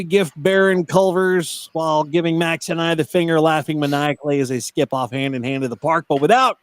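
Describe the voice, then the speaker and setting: A man's voice: a little high, fairly even intonation, brisk, few pauses, smooth. A man co-hosting a casual wrestling podcast, joking around and calling out hype introductions like a ring announcer. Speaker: podcast co-host.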